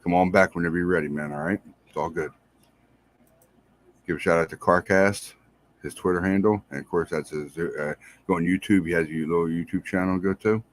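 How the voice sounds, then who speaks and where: Deep-voiced man giving rambling shout-outs. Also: fairly even intonation, a little fast, no room sound. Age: adult, married. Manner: rambling, repeats himself, friendly. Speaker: podcast host. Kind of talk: casual shout-outs to listeners.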